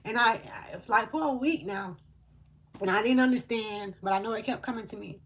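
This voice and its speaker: A woman's voice: on the high side, moderate pace, husky. A woman speaking, delivering a channeled spiritual message in an earnest, emotional way with hesitant fillers.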